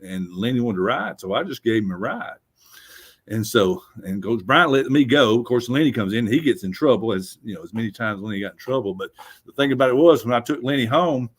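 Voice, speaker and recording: A man, telling a rambling, folksy story as a guest. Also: medium pitch. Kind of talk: casual storytelling.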